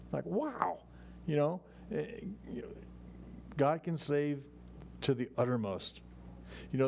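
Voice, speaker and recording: A man teaching a Bible study as a pastor, in a relaxed, conversational way with frequent restarts and asides. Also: mid-range voice, slight background noise. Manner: relaxed and chatty, many "you know"s and restarts, chuckles.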